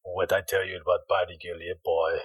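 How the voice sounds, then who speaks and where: A man's voice: low voice, little pitch movement, fairly quick, a crowd in the background, voice pushed down, close to an everyday voice, poor audio. A man doing a pushy Jamaican-accented trainer. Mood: menacing. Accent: put-on Jamaican. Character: older male trainer, pushy and intimidating.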